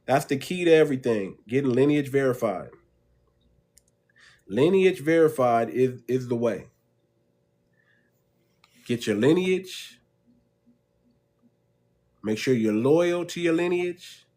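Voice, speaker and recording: A man's voice: mid-range voice, lively intonation, takes it slowly, long pauses, warm tone. A man hosting a livestream and talking straight to his viewers, calling them family. He is emphatic and preachy, and he hammers his points home by repeating them. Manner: emphatic and repetitive, preaching to the audience; addresses listeners as family. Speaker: channel host. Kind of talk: livestream commentary.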